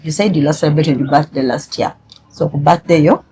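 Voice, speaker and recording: A woman's voice: deep voice, a little fast, dark tone, breathy edge. A woman hosting a casual chat, switching between English and Luganda, teasing and then apologetic. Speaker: host.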